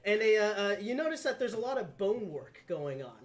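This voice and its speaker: A man's voice: high-pitched, sing-song, fairly quick. A man playing a tabletop game, describing his character's lab casually with many fillers and restarts. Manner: hesitant, full of fillers. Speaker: player. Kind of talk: casual tabletop role-play.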